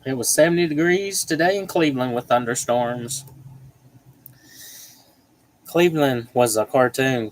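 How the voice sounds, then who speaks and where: A man's voice: medium pitch, rough recording. Dude chatting on his livestream, jokey, reads out comments, regular mid voice. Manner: chatty, joking, laughs often. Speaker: livestream host. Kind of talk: casual live chat reading comments.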